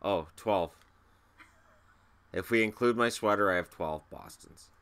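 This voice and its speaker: A man's voice: fairly low pitch, measured pace, fairly bright tone, clear, resonant tone. Joking man showing off his collection. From Canada. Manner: joking, self-mocking, counts items aloud. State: has a cold. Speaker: hockey video host. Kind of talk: casual show-and-tell vlog.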